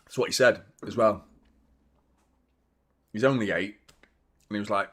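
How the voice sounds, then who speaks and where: A young man, giving a live watchalong commentary on a football match, chatty and swearing, shouting in outrage at fouls. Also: lowish voice, measured pace, long pauses, husky.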